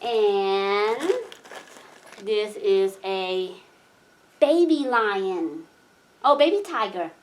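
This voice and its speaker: Slow sing-song mother coaxing a toddler. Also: medium pitch, lively intonation. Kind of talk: playing with a toddler.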